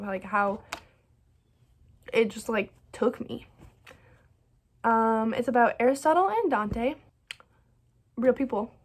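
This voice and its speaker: A woman chatting casually about books she loved, gushing and rambling with lots of "like" and frequent restarts. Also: fairly high pitch. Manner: gushing and bubbly, many "like"s and "so good"s; rambling, restarts her sentences. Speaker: book vlogger. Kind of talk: casual reading wrap-up chat.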